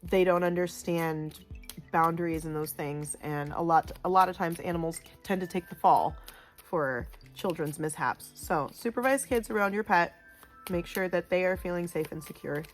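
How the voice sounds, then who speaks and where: A woman giving a casual pick-a-card tarot reading, chatty and loud, with lots of "like" and "you know". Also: fairly low pitch, moderate pace, soft background music. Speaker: tarot reader.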